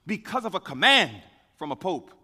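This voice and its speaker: A man's voice: high voice, big pitch swings, normal speed, pushed and bright, big-room sound. A man preaching a sermon emphatically, asking questions and answering them himself, swelling on key words.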